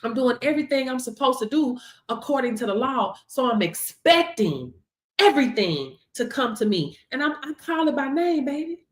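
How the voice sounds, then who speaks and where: A woman hosting a live stream, giving a motivational faith talk from home, animated and preachy, laughing often and calling listeners baby. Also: high-pitched, normal speed, roomy sound. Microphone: device camera.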